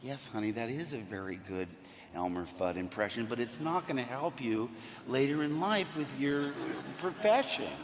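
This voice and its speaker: A man putting on the voice of a doting mother gently humoring her young son, in an echoey hall. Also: medium pitch, animated, normal speed, a little hiss or hum, voice pushed down, close to an everyday voice. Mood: gently patient.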